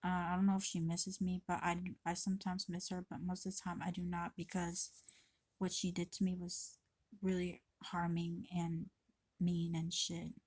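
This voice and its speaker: A woman's voice: lowish voice, monotone, moderate pace, darkish tone, no room sound. A woman vlogging to her camera in a rambling, confessional way, swearing freely and often restarting her sentences. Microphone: camera mic.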